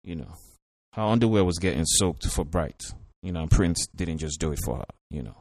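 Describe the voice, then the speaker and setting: Blunt deep-voiced man. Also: animated, fairly quick, a little mellow, no room sound. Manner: blunt, profane, repeats "you know". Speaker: reality show commentator. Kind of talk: casual commentary.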